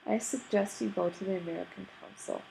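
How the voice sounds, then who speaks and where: A woman's voice: medium pitch, fairly quick, vocal fry, mellow, a little hiss or hum, voice pushed up, low-quality recording. A woman reading the part of a stern, busy older male rabbi who speaks curtly and formally. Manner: cross, curt, formal.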